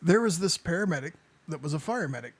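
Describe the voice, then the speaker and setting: A man's voice: fairly high pitch, animated, fast, breathy edge, dry recording. A man co-hosting a podcast about emergency medical work, telling a story in a careful, hedging way. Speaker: EMS podcast co-host. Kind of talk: casual storytelling chat.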